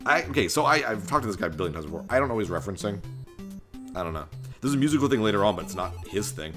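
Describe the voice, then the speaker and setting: Rambling Canadian let's-play host. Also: male voice, on the low side, big pitch swings, racing. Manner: joking, rambling, self-deprecating. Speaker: gaming channel host. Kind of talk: casual let's-play commentary. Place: home room, construction outside. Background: game music.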